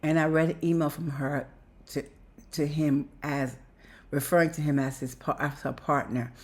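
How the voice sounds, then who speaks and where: A woman's voice: sits low, steady tone, normal speed, a little mellow. A woman talking to her viewers in a personal vlog, rambling and emotional, repeating herself and breaking into laughter mid-sentence. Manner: talks straight to viewers as "you guys". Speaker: vlogger.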